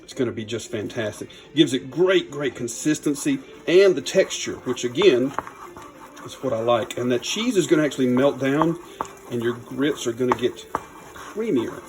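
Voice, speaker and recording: A man's voice: medium pitch, expressive, normal speed. Folksy man hosting a cooking show. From Louisiana. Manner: chatty, folksy, upbeat. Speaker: cooking channel host. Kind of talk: casual cooking demo. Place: home kitchen.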